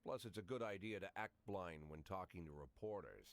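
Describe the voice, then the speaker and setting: A man's voice: deep voice, expressive, fairly quick, no room sound. A man voicing a cynical, weary police chief in his sixties, narrating a video game in a dry, sardonic monologue. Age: 60s.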